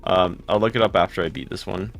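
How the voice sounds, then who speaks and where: A man live streaming a game, rattling off quick greetings and answering chat comments in casual talk. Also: deep voice, steady tone. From United States.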